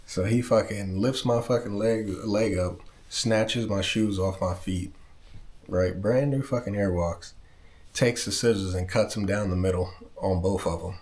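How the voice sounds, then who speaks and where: Man, very low voice, from southern california, casual vlog storytelling, rambling, profane, self-correcting. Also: a little slow, darkish tone. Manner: rambling, profane, backtracks often. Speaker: vlogger.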